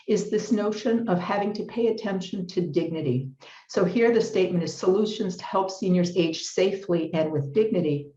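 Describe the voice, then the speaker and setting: A middle-aged woman giving a formal lecture with slides at a conference, speaking in a measured, deliberate way and stressing key words. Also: mid-range voice, dark tone. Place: conference hall. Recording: roomy, slightly muffled hall recording.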